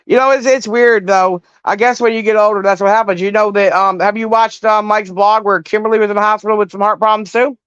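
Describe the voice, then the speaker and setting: A middle-aged woman caller telling stories in casual chat, animated and full of swearing. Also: medium pitch, quick pace, hardly any pauses, clean tone, dry recording, muffled recording. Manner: profane, animated storytelling.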